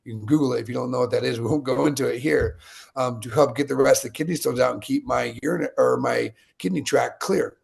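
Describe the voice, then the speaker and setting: Gravelly man in his late thirties. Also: medium pitch, fast, a little mellow. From Utah. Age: late 30s. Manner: conversational, digressive storyteller. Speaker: guest. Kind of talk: casual storytelling interview.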